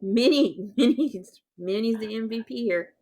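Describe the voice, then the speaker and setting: A woman player in a tabletop game talking excitably about a fellow player's character. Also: fairly high pitch, a little slow. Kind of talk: casual chat.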